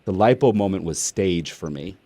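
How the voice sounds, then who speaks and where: Middle-aged male host, low voice, dry close sound, animated storyteller. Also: moderate pace, dry recording. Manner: animated, acts out family dialogue. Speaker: podcast host and speaker. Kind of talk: casual storytelling in an interview.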